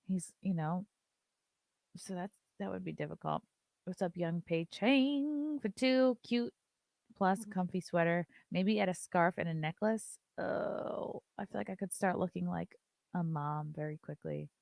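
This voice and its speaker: A woman's voice: lowish voice, lively intonation, unhurried, gravelly, darkish tone, dry recording, studio quality. A woman hosting a live-stream show, chatting loosely, reading viewer messages aloud and swearing casually.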